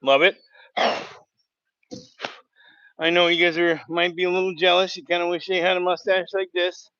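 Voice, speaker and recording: A man's voice: sits high, flat delivery, normal speed, pushed and bright, clean tone, no echo, lo-fi sound. A man hosting a casual livestream from a sawmill, telling a rambling joke with goofy sound effects. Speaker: sawmill worker and livestream host. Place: outdoors at a sawmill.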